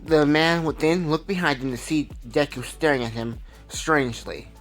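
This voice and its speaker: A man's voice: fairly high pitch, normal speed, fairly bright tone, soft background music. A man casually narrating a made-up fan story, rambling and correcting himself as he goes. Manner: rambling, conversational, self-correcting.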